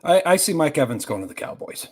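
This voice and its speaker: A man's voice: fairly high pitch, big pitch swings, fast talker, slight background noise. A casual male podcast co-host who rambles through his sports takes. He swears often and restarts his sentences with fillers.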